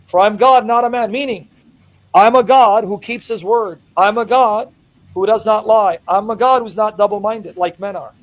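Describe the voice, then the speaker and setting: Man, higher-pitched, emphatic Bible teacher who drives each point home. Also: moderate pace, low-quality recording. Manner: emphatic, reading scripture aloud and driving points home. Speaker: Christian apologist. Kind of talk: impassioned Bible exposition.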